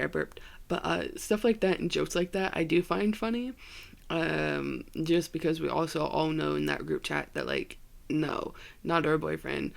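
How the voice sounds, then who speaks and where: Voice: mid-range voice, creaky. A young adult hosting a solo podcast, rambling in scattered, self-deprecating asides with frequent giggles. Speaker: podcast host.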